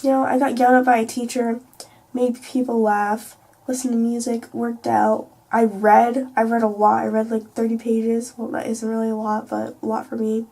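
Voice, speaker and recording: Rambling teen girl with a gravelly voice. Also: fairly high pitch, level tone, normal speed, mellow. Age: teens. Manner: rambling, filler-heavy, swears freely. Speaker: vlogger. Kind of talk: casual late-night storytime rant. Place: at home. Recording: distant mic, faint background hiss.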